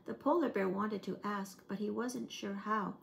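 Gentle woman reading a picture book aloud. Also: mid-range voice, moderate pace, gravelly, a little hiss or hum. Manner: gentle, expressive storybook reading. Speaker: early-years program storyteller.

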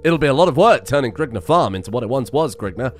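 A man's voice: medium pitch, expressive, fast talker, soft background music, close to an everyday voice. A man doing a kindly old village mayor. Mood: welcoming. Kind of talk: voicing game dialogue aloud.

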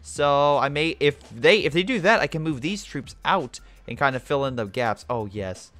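A man's voice: mid-range voice, moderate pace, no room sound, faint music behind. A young man giving casual, sarcastic let's-play commentary on a strategy game, talking to the game as he plays. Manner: excitable, sarcastic, talks to the game. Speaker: gameplay commentator.

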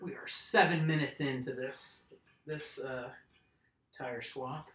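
A man's voice: medium pitch, steady tone, takes it slowly, fairly bright tone. A man casually chatting on a live stream while working on his bike, rambling and answering viewers' comments. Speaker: mountain bike vlogger. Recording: roomy echo.

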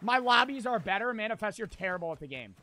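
High-voiced guy streaming a game, bright tense tone, cussing and roasting his chat. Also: sing-song. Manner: brash and profane, answers chat with quick irritation. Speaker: streamer playing a battle royale game. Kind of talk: casual live-stream commentary.

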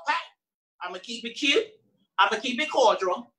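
This woman's voice is a little high, swinging widely in pitch, with an unhurried pace, long pauses, and background noise. She emcees a live-streamed event, greeting the audience and bringing on performers with sassy, playful banter.

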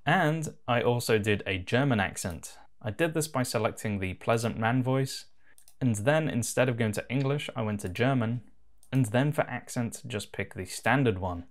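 A man giving a relaxed, casual voice-over as he walks through a software tutorial. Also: mid-range voice, normal speed. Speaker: tutorial host.

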